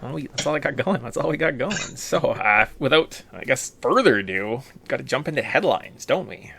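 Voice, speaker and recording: A man's voice: mid-range voice, normal speed, creaky, slight background noise. A man co-hosting a casual sports podcast, joking and rambling as he talks. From Canada. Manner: joking, rambling, animated delivery. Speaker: podcast co-host.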